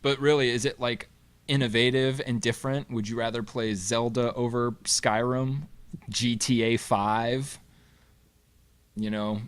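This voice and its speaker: A man's voice: mid-range voice, fairly even intonation, a little slow, clean tone. A man in his thirties or forties, co-hosting a casual game stream, opinionated and blunt with casual swearing. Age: 30s to 40s, parent of a school-age daughter. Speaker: show co-host. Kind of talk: casual live-stream chat.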